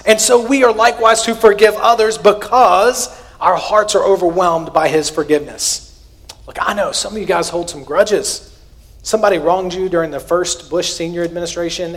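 Earnest man preaching, slightly high voice. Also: moderate pace. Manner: earnest, conversational preaching with sudden emphatic rises and quiet asides. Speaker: pastor. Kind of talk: sermon.

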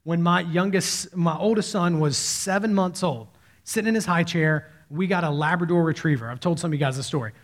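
A man's voice: a little high, a little fast. Storytelling male pastor preaching. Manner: conversational storytelling preacher, animated quoted voices. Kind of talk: sermon.

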